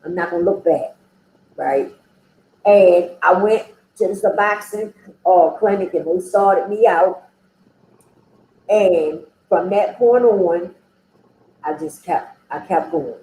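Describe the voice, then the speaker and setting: A woman's voice: lowish voice, takes it slowly, pauses often, mellow, a little hiss or hum. Frank woman, echoey room. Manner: frank, conversational, with frequent "you know". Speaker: interview guest. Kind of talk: candid personal storytelling. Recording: roomy echo.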